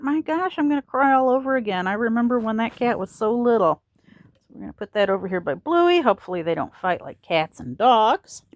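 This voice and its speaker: A woman, chatting casually as she opens fan mail at home and cooing at her pets. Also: medium pitch. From Missouri. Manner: chatty, coos at her pets in a lively sing-song. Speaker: vlogger opening fan mail. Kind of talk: casual unboxing chat.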